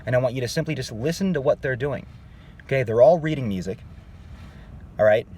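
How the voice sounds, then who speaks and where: A man's voice: mid-range voice, fairly quick, warm tone, recorded from a distance, slight background noise. A man giving a casual voice lesson as a vocal coach, chatting and checking in with his listeners as he explains. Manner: conversational, checks in with "okay" and "all right". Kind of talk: casual instructional talk.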